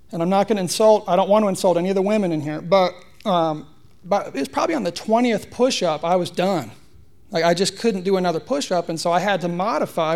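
Man preaching with a gravelly voice. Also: high-pitched. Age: 30s. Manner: conversational, humorous storytelling. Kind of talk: sermon. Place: church.

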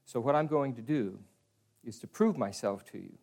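Middle-aged male preacher, earnest sermon delivery, mid-pitched voice, softens for quoted lines. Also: animated, normal speed, creaky.

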